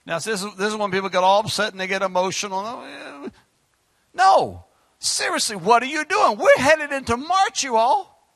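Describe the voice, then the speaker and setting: A man preaching a fiery, exhorting sermon as pastor, swinging between shouts and quiet asides. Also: high-pitched, expressive, moderate pace, no room sound, studio quality.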